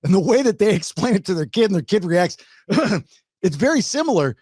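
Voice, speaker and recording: American man, podcast host, slightly high voice, dry close sound. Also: sing-song, brisk, a little mellow, breathy edge, dry recording. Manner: affirming, chuckles along. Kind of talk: casual interview chat.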